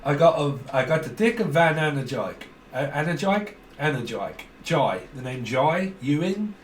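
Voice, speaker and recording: A man's voice: a little high, big pitch swings, moderate pace, a little hiss or hum. A man giving a rambling, jokey tarot reading and laughing often. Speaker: tarot reader. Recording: roomy echo from a distant mic.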